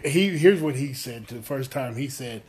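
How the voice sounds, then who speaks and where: Subdued, monotone male podcast host. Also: moderate pace. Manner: subdued, low-energy monotone delivery; rambling, self-deprecating. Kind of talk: casual chat.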